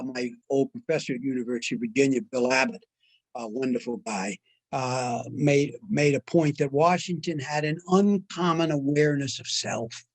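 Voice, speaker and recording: An older man giving a measured, deliberate history lecture, with frequent "uh" fillers. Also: fairly high pitch, a little mellow, dry recording, rough recording. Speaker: guest lecturer. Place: online talk.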